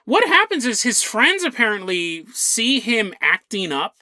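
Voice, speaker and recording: A young man spins a rambling comic tale for his podcast, his bright voice swinging high and low as he jumps into funny voices for the people in the story. The sound is dry and close, with no room around it. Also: big pitch swings, unhurried, dry recording. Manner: rambling, jokey, acts out quotes in funny voices. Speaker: podcast host. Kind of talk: comedic storytelling.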